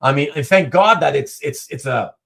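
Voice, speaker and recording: Middle-aged male stream host, rambling casual chat, voice a bit on the high side, lots of ums and restarts. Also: expressive, normal speed, vocal fry, a bit bright. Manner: rambling, many fillers and restarts. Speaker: livestream host. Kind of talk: casual chat reading live comments.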